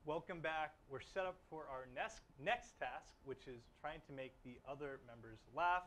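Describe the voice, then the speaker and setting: A man's voice: a little high, normal speed, a bit bright, a little hiss or hum. A young man hosting a student TV segment, telling dad jokes and pleading for laughs after each one. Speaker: student TV host. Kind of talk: playful group challenge chat, telling dad jokes.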